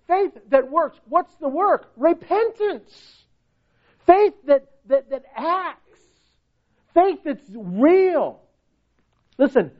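Male preacher, very high pitch, emphatic rhetorical delivery, dull lo-fi recording. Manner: emphatic, rhetorical questions, pitch swings widely. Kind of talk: sermon.

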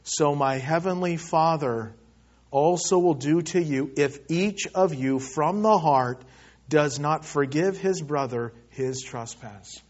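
High-voiced preacher swinging loud and hushed. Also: male voice, slow, highs cut off. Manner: preaching with big swings from loud pleading to soft hushed lines. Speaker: pastor. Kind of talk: sermon.

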